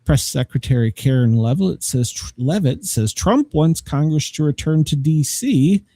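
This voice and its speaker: A man's voice: a little high, expressive, normal speed, warm tone, no echo. A man hosting a podcast in casual chat, rambling and self-mocking and often breaking into laughter. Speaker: podcast host.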